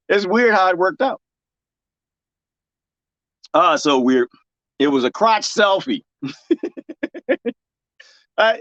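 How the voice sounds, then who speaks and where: Casual male vlogger, lively rambling delivery, bit higher voice, dry lo-fi audio. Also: no room sound. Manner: rambling, laughs often, self-interrupting. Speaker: gardening vlogger. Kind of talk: casual chat to camera.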